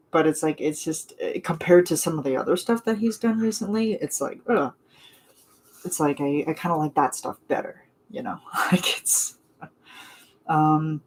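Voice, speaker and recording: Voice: medium pitch, darkish tone. A non-binary young adult vlogger in a casual live chat with viewers, talking in a gushing, rambling way full of fillers and little laughs.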